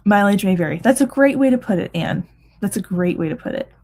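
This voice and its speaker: A woman's voice: mid-range voice, lively intonation, brisk, darkish tone, husky. A woman in her thirties hosting a reading livestream, chatting casually and reading out comments, tired and full of ums and restarts. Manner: chatty, many ums and restarts, laughs often. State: tired, yawning. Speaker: reading sprint livestream host.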